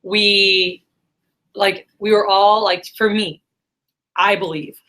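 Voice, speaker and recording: A woman's voice: mid-range voice, little pitch movement, takes it slowly, sharp tone. A woman in her thirties telling a personal story in a casual, rambling monologue full of fillers. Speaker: vlogger.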